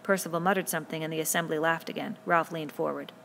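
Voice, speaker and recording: A woman narrating a novel aloud in a steady, measured reading voice. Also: low-pitched, gravelly, a little hiss or hum. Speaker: audiobook reader.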